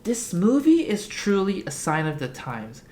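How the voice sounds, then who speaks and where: A video essayist recapping a film with sarcastic, ironic asides and comic timing. The voice sits at a middle pitch with a casual, wry delivery. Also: wildly swooping pitch, unhurried, darkish tone, a little hiss or hum. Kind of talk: comedic video-essay narration.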